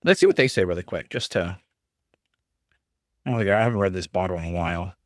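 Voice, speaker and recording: A man's voice: sits low, brisk, dry recording, studio quality. A man hosting a podcast, talking casually and rambling with chuckles and fillers while tasting whiskey. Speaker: podcast host.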